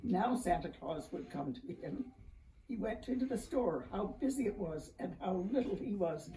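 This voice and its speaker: Grandma reading a picture book, sing-song and lively, far from the mic in a roomy house. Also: female voice, medium pitch, normal speed, slight background noise. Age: older. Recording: echoey room heard from far off.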